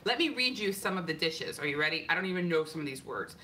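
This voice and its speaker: A woman's voice: low-pitched, quick pace, slight background noise. A woman co-hosting a casual show, chatting and laughing with viewers. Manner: lively, laughing, greets viewers. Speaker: podcast co-host. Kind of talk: casual chat with live viewers.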